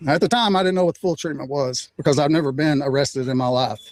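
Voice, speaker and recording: An older man calmly recounting his own arrest, measured and steady, still hurt by it. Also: fairly high pitch, dry recording. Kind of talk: personal account.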